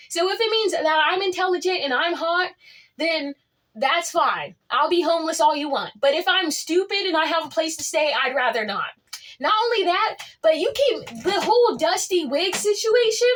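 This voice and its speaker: A woman with a strikingly high voice tells a storytime to her viewers. She talks boldly and boastfully, leaping up and dropping low for drama. Her delivery stays casual and chatty throughout. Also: a bit bright, a little hiss or hum. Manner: dramatic, swings pitch up and down; outspoken and boastful. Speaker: vlogger.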